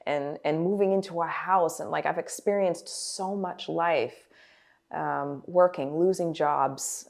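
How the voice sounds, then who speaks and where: A woman's voice: low voice, darkish tone. A woman in her forties, a guest performer, chatting animatedly in an interview with many fillers and restarts. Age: 40s. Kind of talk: casual interview storytelling.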